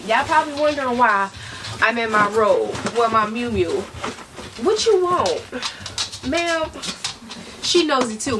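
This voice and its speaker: A woman's voice: fairly high pitch, lively intonation, a little slow, pauses often. A woman vlogging at home, chatting and teasing casually as she unboxes a delivery. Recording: distant mic, noisy room.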